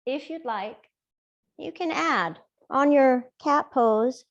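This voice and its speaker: A woman teaching a gentle yoga class, with soft, playful step-by-step cues. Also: sits high, lively intonation, highs cut off. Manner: soft, slow, playful cueing.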